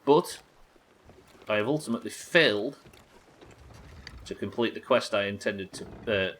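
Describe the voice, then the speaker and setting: A man's voice: lowish voice, a little slow, a bit bright, slight background noise. An English man streaming a game, chatting casually and rambling, swearing freely as he plays. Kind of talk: casual chat while playing.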